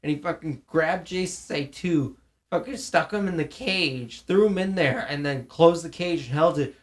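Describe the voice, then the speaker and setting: A young man with a fairly high voice speaks at a normal pace as co-host of a casual podcast chat. He rambles through profane school stories, acting out what people said.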